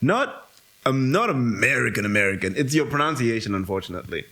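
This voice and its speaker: A man co-hosting a casual podcast, rambling and correcting himself, quick to laugh. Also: medium pitch, sing-song, bright, forceful tone. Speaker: co-host.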